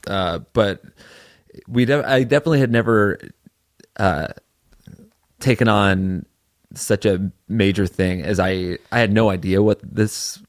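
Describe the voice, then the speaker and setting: A man's voice: lowish voice, a little slow, long pauses, dry recording, studio quality. A young man chatting casually as a podcast co-host, rambling with lots of fillers and restarts. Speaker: podcast co-host and series director. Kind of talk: casual chat.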